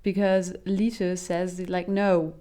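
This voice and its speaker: A woman's voice: fairly low pitch, moderate pace, a little mellow. A woman giving a casual comedic film review, chatty and full of um's, restarts and laughs. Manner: chatty, frequent um's and self-restarts, laughs while talking.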